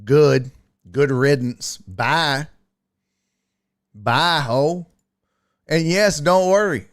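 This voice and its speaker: With a slightly high voice and a very slow delivery, a man runs a casual sports talk stream. As host, he reads chat aloud and delivers blunt, profane, mocking takes.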